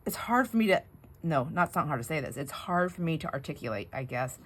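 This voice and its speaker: A woman's voice: low-pitched, big pitch swings, fast. A middle-aged woman hosting a craft video, chatting in a rambling, digressive way while she cuts board, often breaking off mid-sentence and laughing. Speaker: craft channel host.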